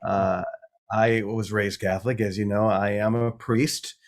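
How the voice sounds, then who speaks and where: A man's voice: lowish voice, flat delivery, unhurried. A middle-aged man, a priest and guest, talking about his faith in a reflective, storytelling way. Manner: warm reflective storytelling with laughs. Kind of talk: casual spiritual talk.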